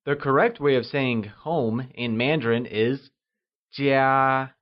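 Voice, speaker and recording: A man narrating a scripted language lesson, calmly leading listeners through words and praising each try. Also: medium pitch. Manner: slow, patient, encouraging drills. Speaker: language teacher. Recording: slightly dull lo-fi audio.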